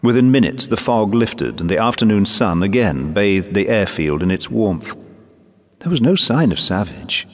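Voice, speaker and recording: A man narrating a ghost story in a measured, solemn way. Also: on the low side, sing-song, long reverb tail. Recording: narration over clear music.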